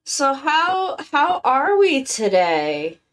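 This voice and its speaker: Slow-talking tired woman streamer. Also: high voice, very animated. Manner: rambling, halting, with many restarts. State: worn-out and tired, recovering from illness. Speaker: live streamer and artist. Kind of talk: casual live-stream chat with viewers.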